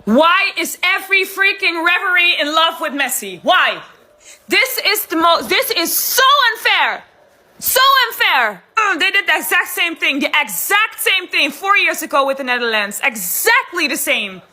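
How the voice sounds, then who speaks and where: Woman fan, very high lively voice, piercing bright, outraged. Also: normal speed. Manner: exasperated, outraged. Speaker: football fan reacting. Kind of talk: angry reaction.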